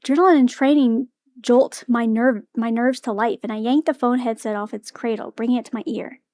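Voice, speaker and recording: A woman reading first-person narration for a tired young woman detective in a visual novel game, brisk and flat. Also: on the high side, no room sound, lightly acted.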